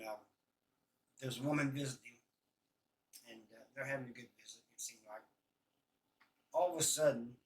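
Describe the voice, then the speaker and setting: A man telling prison stories in a rambling, halting way, full of fillers and restarts. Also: mid-range voice, recorded from a distance, low-quality recording. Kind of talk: casual storytelling.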